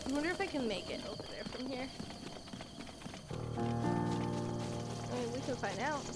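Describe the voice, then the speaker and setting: At home in her chair, a woman streams a video game, chatting casually, narrating her moves and laughing often. Her voice sits high and animated at a moderate pace, over loud music and game audio that includes horse hooves.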